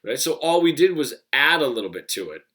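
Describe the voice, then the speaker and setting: A man's voice: on the high side, big pitch swings, brisk. A man teaching guitar in a casual Q&A, explaining loosely and thinking aloud.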